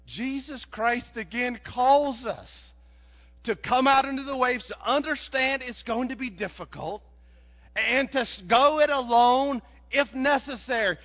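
A man preaching a sermon in a folksy, animated way, building to shouts. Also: extremely high pitch. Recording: dull sound with long hall reverb.

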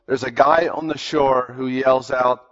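A man preaches a sermon retelling Bible stories, earnest and emphatic, repeating words to drive his points home. His mid-range voice is fairly bright, fairly even in intonation, and a little slow, recorded with long hall reverb and a dull lo-fi sound.

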